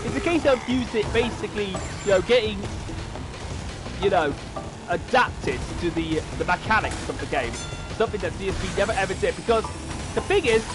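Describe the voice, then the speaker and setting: Streamer rambling over game music. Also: male voice, sits high, lively intonation, fairly quick. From United Kingdom. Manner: rambling, stop-start, talks straight to his viewers. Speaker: gaming streamer. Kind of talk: live gameplay commentary. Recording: game music loud under the voice. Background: loud racing game music.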